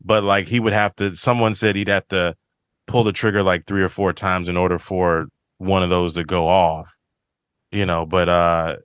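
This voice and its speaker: A man's voice: low voice, little pitch movement, moderate pace, fairly bright tone, clear, resonant tone, no echo, studio quality. A man hosting a podcast, casually retelling scenes from a TV episode and quoting the characters' lines. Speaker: podcast host. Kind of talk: casual chat recapping a TV episode.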